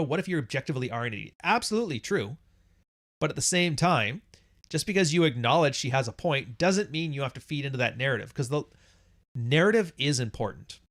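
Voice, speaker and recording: A man's voice: mid-range voice, fairly bright tone. A man hosting a podcast, talking casually and bluntly with plenty of swearing, acting out quoted voices and laughing at his own jokes. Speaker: podcast host. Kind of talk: casual monologue.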